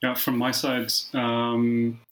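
A man's voice: mid-range voice, completely flat delivery, slow pace, slight background noise, poor audio. Hesitant male guest author. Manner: hesitant, many ums. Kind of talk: casual interview talk.

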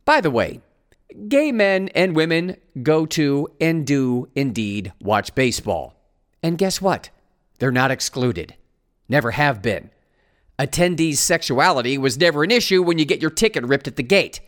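Male host, sarcastic news commentary, higher voice with a lively, swinging delivery. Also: measured pace. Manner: mocking, sarcastic asides.

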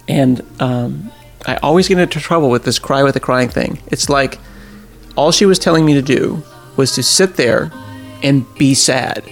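A middle-aged man, a podcast host, telling a personal story in a casual, animated way and acting out the people he quotes. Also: mid-range voice, normal speed, vocal fry, soft background music. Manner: animated, acts out quoted voices, laughs at himself.

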